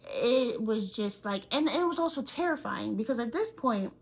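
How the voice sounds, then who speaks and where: A woman's voice: a little high, animated, moderate pace, gravelly, poor audio. A young woman co-hosting a podcast, telling a personal story casually and animatedly, with many filler words. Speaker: podcast co-host.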